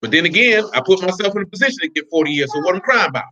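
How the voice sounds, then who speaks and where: A man's voice: high voice, lively intonation, very fast, a crowd in the background. A man giving informal, blunt religious teaching in streetwise slang, with laughing asides. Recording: dull lo-fi recording.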